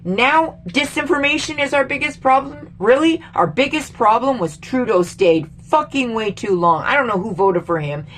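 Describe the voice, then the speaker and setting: A woman's voice: on the high side, lively intonation, moderate pace, hardly any pauses, a bit bright, slight background noise. A middle-aged woman from Canada, a vlogger, ranting angrily about politics to camera with lots of swearing and exasperation. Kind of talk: angry political rant to camera.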